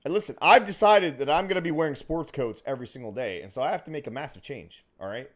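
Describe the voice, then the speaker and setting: A man's voice: on the high side, quick pace, a bit bright. A man co-hosting a podcast, teasing his co-hosts in crude, stammering banter. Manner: teasing, profane, stammering restarts. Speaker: podcast co-host.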